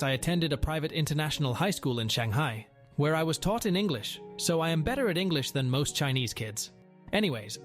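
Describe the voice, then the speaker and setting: A young man reads an online story aloud in a sardonic, matter-of-fact way. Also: fairly high pitch. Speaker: narrator.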